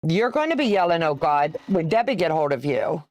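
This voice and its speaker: She's in her sixties, with a fairly low, darkish voice that swings widely in pitch and runs a little fast. Hosting a quilting livestream, she sews while chatting casually, teasing and naming viewers, reading their comments, and laughing frequently.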